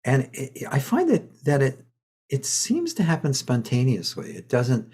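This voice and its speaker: Male host; husky, slow and easygoing, with a lively, varied pitch. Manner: relaxed, affirming listener. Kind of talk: casual interview chat.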